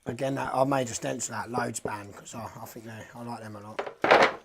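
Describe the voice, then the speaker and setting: A man's voice: medium pitch, fairly even intonation, normal speed, vocal fry, background noise. A young man, a pro skateboarder, telling rambling anecdotes casually and swearing freely. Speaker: professional skateboarder. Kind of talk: casual storytelling interview.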